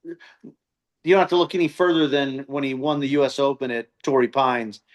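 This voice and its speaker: A man's voice: mid-range voice, normal speed, dull audio. Middle-aged male coach, chatty guest, does voices in his anecdotes. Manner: animated storyteller who acts out quoted voices. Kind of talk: casual storytelling interview.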